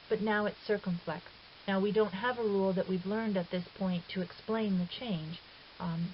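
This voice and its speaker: A woman teaching Greek in a recorded lecture, patient and methodical, with the odd filler and self-correction. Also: mid-range voice. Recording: dull lo-fi recording with faint hiss.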